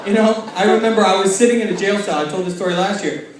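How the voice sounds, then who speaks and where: High-voiced man doing stand-up in an echoey hall. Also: fairly even intonation, fast, noisy background. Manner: self-mocking, rambling with many fillers. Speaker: stand-up comedian. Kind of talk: stand-up comedy storytelling. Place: large hall with audience. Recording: echoey hall, mic from far off, loud crowd. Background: audience laughing.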